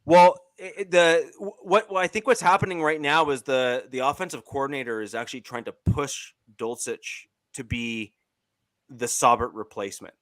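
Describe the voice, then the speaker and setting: A man's voice: mid-range voice, moderate pace, a bit bright, no room sound. A man with a Canadian accent, co-hosting a casual sports chat and talking with many fillers and restarts. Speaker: podcast co-host.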